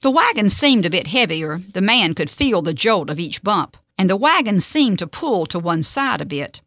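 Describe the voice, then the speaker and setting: A woman hosting a radio devotional, reading at a steady, measured pace. Her voice sits at a middle pitch. The studio sound is close and dry. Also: no echo.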